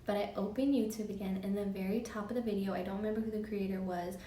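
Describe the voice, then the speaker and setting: A woman's voice: medium pitch, steady tone, dark tone, roomy sound, distant mic, a little hiss or hum. A woman in her twenties speaking candidly in a casual personal vlog, chatty and open. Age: 20s. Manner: candid, chatty, quick laughs. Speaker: vlogger.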